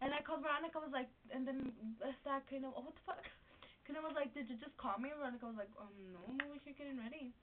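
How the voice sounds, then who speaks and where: A teenage girl with a high voice chats and teases her friends in a home vlog. She giggles often and keeps things playful. The recording is thin and phone-like, with a constant hiss. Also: fairly even intonation, racing. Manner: giggly and teasing. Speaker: vlogger. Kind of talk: casual chat among friends. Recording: tinny lo-fi webcam audio with hiss.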